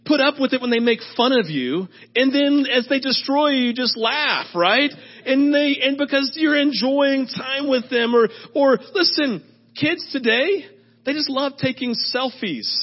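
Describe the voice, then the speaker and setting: A man's voice: very high-pitched, expressive, a little slow. A middle-aged male pastor giving a chatty sermon, telling stories and often asking "right?". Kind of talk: conversational sermon. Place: church service. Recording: dull lo-fi sermon audio.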